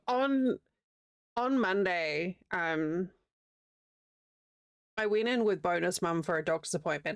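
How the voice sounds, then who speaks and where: A woman's voice: on the low side, creaky, no echo, clean studio sound. A woman in her thirties with a New Zealand accent, chatting casually and rambling while crocheting on a livestream, laughing easily. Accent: New Zealand, with a slight American Southern tinge.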